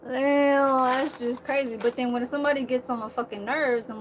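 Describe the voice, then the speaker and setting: This server at a senior living community talks in a high, steady voice at normal speed against a noisy background. Her vlog is a loose, wandering monologue about server work, full of swearing and laughter at her own side comments.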